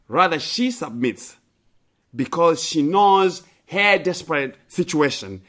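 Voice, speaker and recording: A man's voice: fairly high pitch, expressive, slow pace, fairly bright tone. A man preaching a sermon and reading scripture, repeating phrases with emphasis and rising when he voices pleas.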